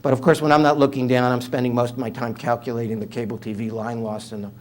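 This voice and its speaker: An older man with a New York accent, in his seventies, talks through an interview with an easy, anecdotal humor and plenty of fillers. His voice sits at an ordinary middle pitch. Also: level tone, quick pace. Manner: humorous storyteller, conversational with fillers. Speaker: author and guest speaker.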